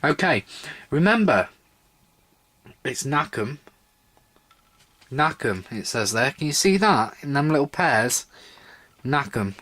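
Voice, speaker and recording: A young man with a slightly sore throat and a few drinks in him talks through a drink review at his own pace. His voice sits at an ordinary middle pitch, and he wanders off into wry, chatty asides. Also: sing-song, takes it slowly, long pauses, a bit bright. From Britain. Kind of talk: casual solo review vlog.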